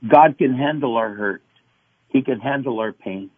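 Husky pastor on a phone line. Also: male voice, mid-range voice, moderate pace, dry recording. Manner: animated, acts out voices and cries. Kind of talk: radio interview, preaching.

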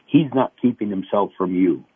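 A middle-aged male pastor being interviewed, preaching with animated acted-out voices. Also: fairly low pitch, normal speed, slightly rough, no echo. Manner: animated, acts out voices and cries. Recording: tinny phone line.

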